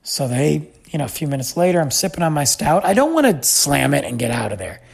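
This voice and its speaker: A man hosting a podcast, telling a travel story in a chatty, animated way. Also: a little high, a little fast, vocal fry, breathy edge. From United States. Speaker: podcast host. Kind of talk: casual storytelling.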